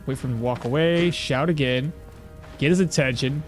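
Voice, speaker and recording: A man streams a video game with music in the background, chatting casually as he plays, thinking out loud and responding to his chat. His voice is medium-pitched at a normal speed.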